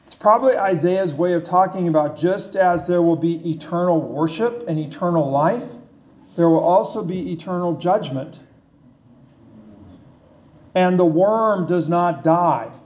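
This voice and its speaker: A man preaching a sermon in a slow, conversational way, asking his listeners questions. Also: high-pitched, a little mellow. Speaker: pastor.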